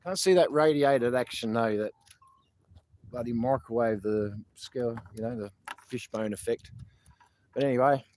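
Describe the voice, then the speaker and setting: A man's voice: mid-range voice, moderate pace, long pauses, darkish tone, a little hiss or hum. A man with an Australian accent hosting a casual outdoor livestream, rambling and swearing freely between laughs. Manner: rambling, profane, chatty, laughs often. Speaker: protest livestream host. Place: outdoors at a protest site.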